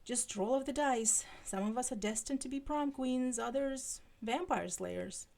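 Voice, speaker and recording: A woman's voice: high voice, measured pace, vocal fry, darkish tone, pitched above the performer's own voice. A woman reading aloud voices a wry, restless teenage girl vampire slayer.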